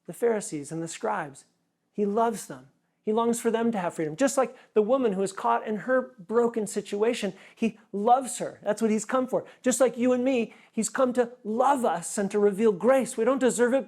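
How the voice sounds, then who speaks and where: A pastor giving an earnest sermon, often repeating words for emphasis. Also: male voice, high-pitched, vocal fry, a little mellow.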